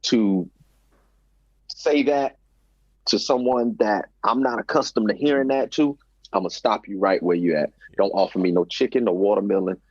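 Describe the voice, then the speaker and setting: A man's voice: on the low side, normal speed, breathy edge, no echo, lo-fi sound. A man co-hosting a podcast in casual chat, emphatic and prone to repeating himself. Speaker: podcast co-host.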